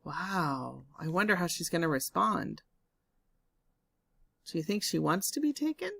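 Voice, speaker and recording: A woman reading a picture book aloud to children, pausing to ask them questions. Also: on the low side, very animated, creaky, a bit bright, no room sound. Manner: asks the listening children questions. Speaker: storybook reader. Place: home, during lockdown.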